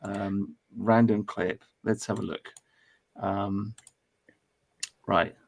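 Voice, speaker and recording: A man hosting a podcast in a casual, animated way, swearing freely and laughing easily. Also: fairly low pitch, very slow, gravelly, husky, lo-fi sound. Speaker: podcast host. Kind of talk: casual chat.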